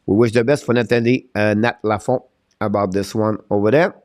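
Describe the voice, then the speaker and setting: A man's voice: on the low side, fairly even intonation, brisk, a little mellow. A man, his first tongue, coaching and hosting a live stream. He talks in a fired-up way, repeating his points as he reads viewer chat. The sound is dry and close, with no room echo. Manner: fired-up, repetitive motivational talk.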